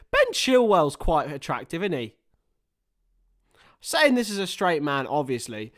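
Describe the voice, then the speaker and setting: A young man hosting a live match watchalong, chatting casually and rambling between topics, with excited bursts of play-by-play. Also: a little high, measured pace, pauses often. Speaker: livestream host.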